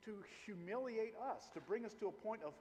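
Animated preacher in a reverberant hall. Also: male voice, high-pitched, slight background noise. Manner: animated preaching, rising and falling, slow emphatic phrases. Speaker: pastor. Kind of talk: sermon.

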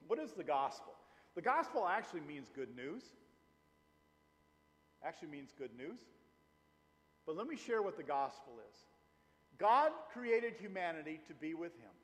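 A middle-aged man preaching a sermon as pastor, animated and emphatic, slowing down to stress key phrases. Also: fairly high pitch. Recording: long hall reverb.

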